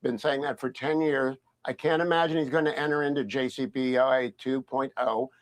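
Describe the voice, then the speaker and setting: A man's voice: medium pitch, fairly even intonation, fairly quick. Firm man giving news commentary. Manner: firm, assertive. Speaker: political commentator.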